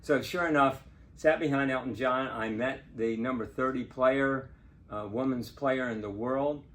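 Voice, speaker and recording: An older man, a lawyer, telling a true personal story in a chatty, animated way and laughing now and then. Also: mid-range voice, unhurried. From Portsmouth, Virginia. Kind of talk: casual spoken storytelling.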